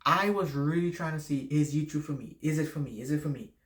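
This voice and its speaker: A man's voice: a little high, brisk. A man with a noticeable accent giving casual life advice to camera, rambling, correcting himself and swearing freely. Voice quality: noticeable non-native accent.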